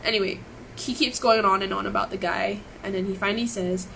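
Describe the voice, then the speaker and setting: A woman's voice: a little high, lively intonation, brisk, gravelly, a bit bright, slight background noise, poor audio. An upset, emotional woman recounting events on a live stream, rambling and restarting her sentences. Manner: rambling, repeats and restarts herself. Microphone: webcam or phone on a live stream.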